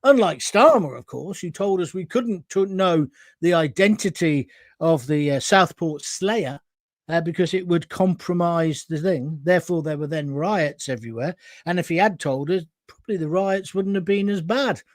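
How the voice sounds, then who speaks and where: A high-pitched man hosts a ranting political livestream and talks straight to his audience. He is blunt and combative, and sounds dry and close with no room echo. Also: normal speed. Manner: blunt, combative, addresses viewers directly. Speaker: livestream host.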